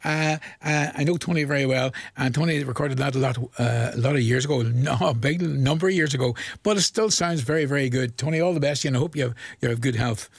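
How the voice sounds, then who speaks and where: A man's voice: medium pitch, fast, hardly any pauses, husky, no room sound. A man presenting a country music request show on the radio, chatty and rambling, laughing at his own jokes. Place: radio studio. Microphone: studio mic.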